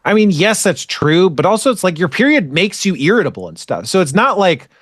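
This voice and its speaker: A man's voice: high-pitched, sing-song, brisk, fairly bright tone, breathy edge, no room sound. Rambling man recapping in a dry room. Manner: rambling, filler-heavy retelling with restarts. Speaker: podcast host recapping an anime. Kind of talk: casual chat.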